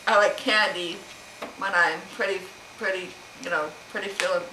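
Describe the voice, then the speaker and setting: A middle-aged woman vlogger chats casually to camera in a room at home, rambling and laughing as she works through a question tag. Her voice is lowish, steady and bright with a forceful edge, at a moderate pace. The low-quality recording has an echoey room sound and a little hiss or hum.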